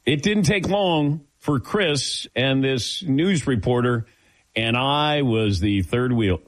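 Speaking slowly in a medium pitch, this middle-aged sports radio host from the American Midwest chats casually and spins stories with a chuckle. The studio mic captures him with no room sound at all.

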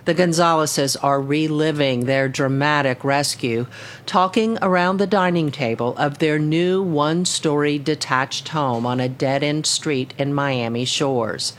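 A woman reporter narrating a scripted radio news story in a measured, even way. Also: low-pitched, a little hiss or hum.

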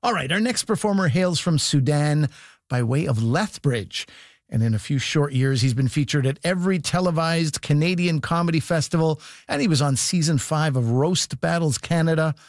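A male emcee brings on the next act with an upbeat announcer's build-up. His voice sits slightly high and sounds dry and close, with little room echo. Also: normal speed. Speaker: comedy show host. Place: comedy stage.

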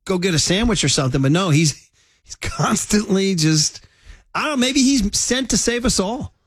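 A man's voice: high voice, expressive, slightly rough, no echo, studio quality. A man hosting a sports radio show, bantering casually and joking with a co-host. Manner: jokey, laughing, quick asides.

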